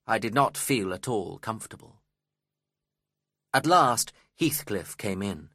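Slow, expressive male storybook reader. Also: fairly low pitch, breathy edge, no echo, studio quality. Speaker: narrator. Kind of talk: storybook reading.

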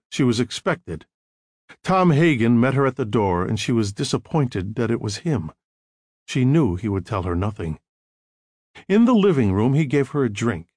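A man narrating an audiobook with expressive storytelling. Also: mid-range voice, no echo, studio quality.

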